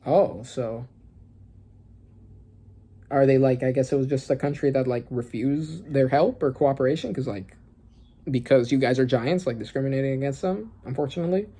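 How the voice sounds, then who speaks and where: Excitable young manga reactor. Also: mid-range voice, normal speed, slightly rough. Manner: excitable, gasping and laughing, lots of fillers. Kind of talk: casual reaction commentary, reading panels aloud.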